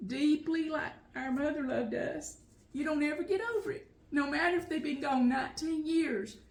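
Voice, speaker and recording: A woman's voice: sits high, roomy sound. An older woman, reminiscing at home in a heartfelt, emotional way that often breaks into laughter. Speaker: home vlog host. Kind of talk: personal reminiscing storytelling. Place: at home, indoors.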